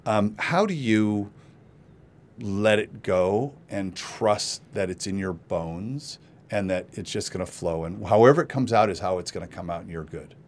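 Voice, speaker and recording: A man's voice: fairly low pitch, a little slow, a little mellow. A man hosting a casual interview podcast, rambling with many restarts. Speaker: podcast host.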